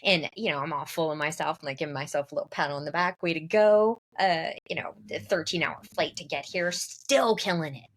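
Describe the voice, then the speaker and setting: A woman co-hosting a podcast, telling a story in a casual, animated way and acting out the people she quotes. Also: deep voice, a little fast, few pauses. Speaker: podcast co-host.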